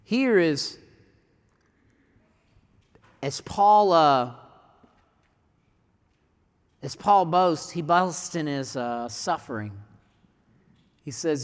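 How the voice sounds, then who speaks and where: A man's voice: fairly high pitch, expressive, drawn-out words, long pauses, clean tone, in a large hall. A man preaching a sermon, mixing rhetorical questions with scripture reading in a folksy way. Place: church sanctuary.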